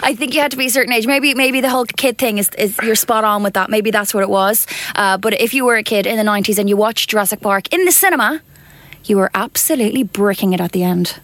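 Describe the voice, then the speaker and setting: A woman's voice: mid-range voice, fast talker, fairly bright tone, no room sound. Woman co-host with a dry, close sound. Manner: frank, playful banter. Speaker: podcast co-host. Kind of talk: casual chat.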